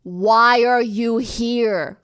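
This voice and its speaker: A curt, irritated woman officer who speaks in slow, flat, demanding words, as a young woman mimics her. The voice sits fairly high, and each order comes out blunt and unhurried. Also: smooth.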